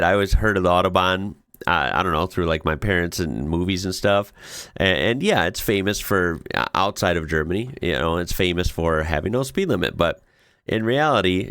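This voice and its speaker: A man's voice: sits low, fairly bright tone, no echo, studio quality. A man hosting a casual reaction video, reading comments aloud and often laughing in amused disbelief. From United States.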